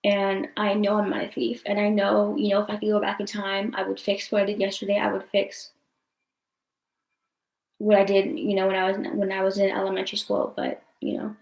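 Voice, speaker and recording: A young woman talks through a casual livestream, rambling with lots of fillers and frequent swearing. She sounds upset and close to tears, her pitch staying fairly level. The room around her rings with a noticeable echo. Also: completely flat delivery, brisk, gravelly, darkish tone. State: upset and tearful. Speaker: vlogger answering live chat. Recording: roomy echo.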